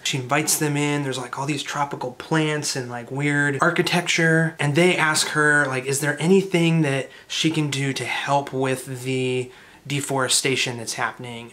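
Man narrating a game recap, rambling and chatty, fairly flat delivery. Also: medium pitch. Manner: loose and rambling, with many filler "like"s. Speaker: storyteller recapping a tabletop campaign. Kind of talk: casual story recap.

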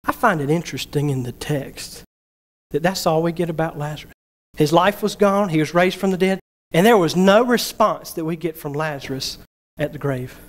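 A man's voice: on the high side, normal speed. A man pastor preaching a revival sermon in a church, reading scripture aloud and then pressing the congregation with questions.

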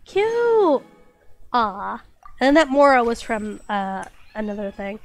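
A woman's voice: a little high, sing-song, unhurried, no room sound. A woman game streamer chatting casually and reading chat aloud, still getting over a cold with a slight cough and stuffy nose.

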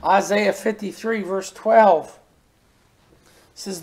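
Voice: mid-range voice, slow pace, pauses often, darkish tone. A preacher giving a folksy sermon and reading scripture, often repeating words for emphasis.

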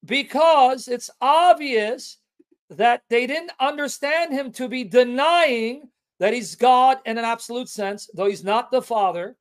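A man hosting a Christian apologetics livestream, combative and taunting, calling out an opponent and stressing phrases slowly. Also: extremely high pitch. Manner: emphatic, with drawn-out stressed phrases.

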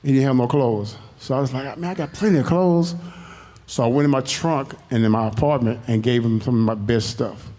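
A man with a warm, mellow voice shares his personal testimony. He tells it in an animated, colloquial way, at a middling pitch. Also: brisk, few pauses. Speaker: congregation member.

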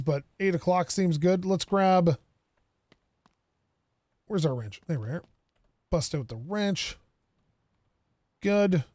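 A man with a fairly high voice chats his way through a game, thinking out loud and bantering with the characters on screen. His voice sounds dry and close, with no room echo. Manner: chatty, thinks aloud, jokes with game characters. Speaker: gaming streamer. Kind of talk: casual gameplay commentary.

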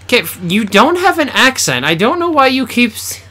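A man's voice: extremely high pitch, big pitch swings, a little fast, bright, forceful tone. A man giving blunt, teasing commentary while playing through a video game with a friend. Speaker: game co-host. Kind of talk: let's play commentary.

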